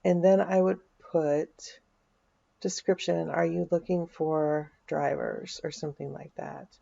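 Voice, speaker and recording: Gravelly-voiced woman thinking aloud. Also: low-pitched, animated, a little slow, mellow, muffled recording. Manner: chatty, thinking aloud, dry asides. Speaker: vlogger. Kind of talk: casual screen-share walkthrough.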